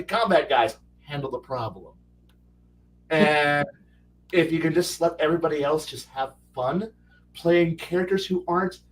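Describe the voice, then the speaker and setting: A man's voice: on the high side, distant mic, slight background noise, poor audio. A man who is a guest on a casual panel chat about tabletop gaming, rambling animatedly with many restarts.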